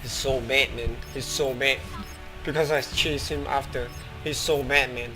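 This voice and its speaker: A man's voice: mid-range voice, steady tone, a little slow, over music, poor audio. A young man streaming a shooter game, swearing and taunting the other players as he plays. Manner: swearing, taunting, shouting at opponents. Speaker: gamer streamer. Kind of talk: live game commentary, trash talk.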